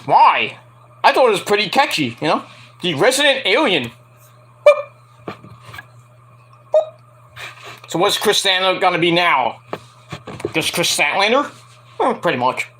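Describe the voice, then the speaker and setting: Male podcast host, rambling and jokey, high voice that jumps all over. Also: sing-song, a little slow, pauses often. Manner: rambling and jokey, with loud outbursts. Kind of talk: casual live-watch podcast chat.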